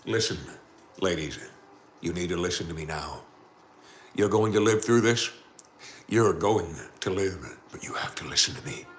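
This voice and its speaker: A man voicing a brave, steady male boat captain who gives firm orders in a crisis, during a live storytelling stream. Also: natural voice. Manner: commanding, urgent orders then slow low calm reassurance.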